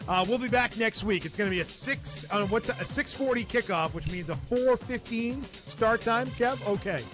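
A man's voice: very high-pitched, moderate pace, over music. A man hosting a sports talk show, steering the segments and reading out updates. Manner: steers segments, reads out tweets. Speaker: show host.

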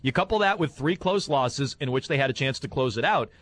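Fast-talking sports radio host. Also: male voice, mid-range voice, expressive, a bit bright, slight background noise. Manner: quick, conversational, stammers on restarts. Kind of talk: sports talk radio hosting.

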